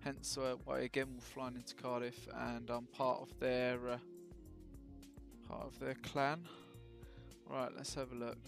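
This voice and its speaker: Gravelly, chatty man streaming. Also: mid-range voice, little pitch movement, a little slow, music in the background. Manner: chatty, self-mocking jokes, many ums and uhs. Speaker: flight sim streamer. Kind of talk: casual live-stream commentary.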